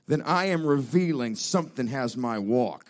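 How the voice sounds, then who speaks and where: A man's voice: medium pitch, animated, normal speed. A man preaching a fervent, declamatory revival sermon as a traveling evangelist in a church. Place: church during a revival service.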